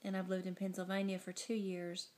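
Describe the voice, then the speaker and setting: A woman in her thirties from Arkansas with a Southern accent, introducing herself and reading a story for a dialect sample in a measured, soft-spoken way. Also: mid-range voice, monotone. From Searcy, Arkansas, US South.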